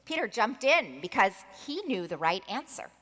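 A woman's voice: a little high, sing-song, moderate pace, fairly bright tone, long reverb tail. A woman preacher giving a sermon, telling a story expressively and acting out the voices in it.

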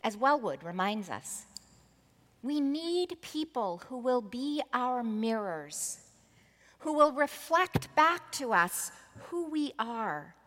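A woman's voice: fairly high pitch, very animated, takes it slowly, fairly bright tone, big-room sound. A woman preacher giving a sermon, telling a story expressively and acting out the voices in it.

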